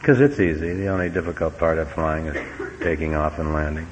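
Middle aged guy, low voice, folksy storytelling talk, muffled old tape w/ a bit of hiss. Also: a little fast. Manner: folksy, earnest, wry humor. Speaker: recovery meeting speaker. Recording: dull lo-fi recording with faint hiss.

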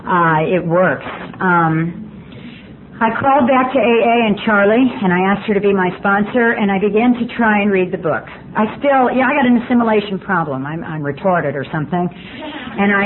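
A woman shares her recovery story at a meeting, candid and self-mocking with a dry sense of humor. Her voice sits in a middle pitch and comes through a tinny, phone-like recording with a faint hiss behind it. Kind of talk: personal testimony storytelling.

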